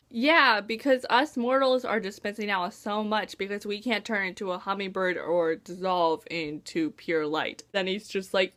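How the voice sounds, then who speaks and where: A woman's voice: medium pitch, lively intonation, unhurried, hardly any pauses, fairly bright tone. A woman vlogger casually discussing a book with playful sarcasm.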